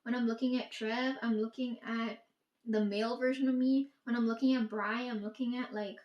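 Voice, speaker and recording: A woman's voice: fairly high pitch, fairly even intonation, moderate pace, lo-fi sound. A woman in a casual, profane monologue, ranting and quoting herself and her family. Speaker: vlogger. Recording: echoey room.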